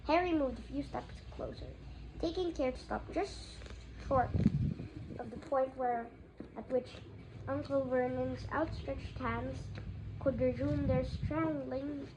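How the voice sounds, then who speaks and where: High-voiced woman reading a story. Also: unhurried, background noise. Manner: reads aloud with occasional slips and restarts. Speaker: audiobook reader. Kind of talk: fan audiobook narration.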